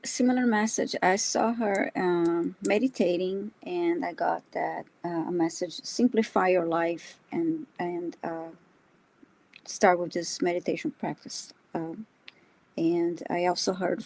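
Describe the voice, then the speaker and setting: A woman gives psychic readings on a live stream, speaking softly and hesitantly with frequent ums and restarts. Her voice is low, husky and a little gravelly. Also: steady tone, measured pace, low-quality recording. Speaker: psychic reader, co-host.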